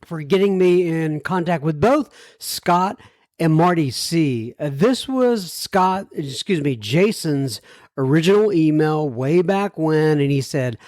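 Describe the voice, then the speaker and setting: A man's voice: a little high, animated, slow, darkish tone, no echo, studio quality. A man hosting a recovery podcast, talking in a chatty, rambling way with chuckles and asides. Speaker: podcast host. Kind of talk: casual podcast intro.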